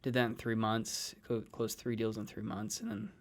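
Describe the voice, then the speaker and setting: A man's voice: fairly low pitch, moderate pace, creaky. Man telling stories in an interview. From California. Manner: animated storyteller acting out quoted dialogue. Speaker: guest, real estate advisor. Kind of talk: casual storytelling interview.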